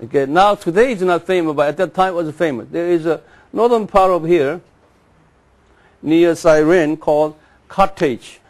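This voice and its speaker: A man giving a classroom lecture, repeating names slowly and having the class say them after him. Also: a little high, darkish tone. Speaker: Bible teacher.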